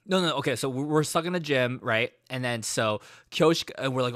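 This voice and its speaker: A man giving a casual recap of a game he played, an animated storyteller who swears freely. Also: mid-range voice, moderate pace, hardly any pauses, no room sound, studio quality. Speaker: gaming streamer.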